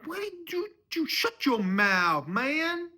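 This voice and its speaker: A man voicing a belligerent older father-in-law, shouting in a comic dramatic reading. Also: on the low side, big pitch swings, fast talker, slightly rough, pitched above the performer's own voice, full character voice. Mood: outraged.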